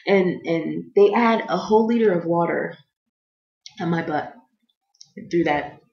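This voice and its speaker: A young woman from the United States tells a funny personal story with lively energy, jumping into little voices for the people in it. Her voice sits a bit low, and the sound is dull and lo-fi in a roomy, echoey space. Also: measured pace, vocal fry. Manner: animated, acts out other people's lines in voices. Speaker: vlogger.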